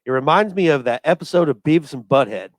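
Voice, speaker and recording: A man hosting a casual podcast, a rodeo clown by trade. He jokes a lot and keeps throwing in quick asides. His voice sounds dry and close to the mic. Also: fairly high pitch, no room sound. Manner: animated, joking, quick asides.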